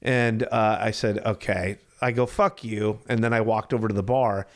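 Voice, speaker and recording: A man's voice: fairly low pitch, moderate pace. A man in his thirties, a podcast co-host, casually telling a story and acting out the voices of the people in it. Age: 30s. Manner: animated storyteller, acts out quoted voices.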